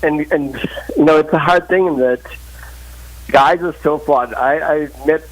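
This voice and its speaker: A man's voice: fairly high pitch, unhurried, low-quality recording. A man calling in to a live talk show, giving earnest, opinionated relationship advice with many restarts. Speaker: caller. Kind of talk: phone-in advice chat. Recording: live call line.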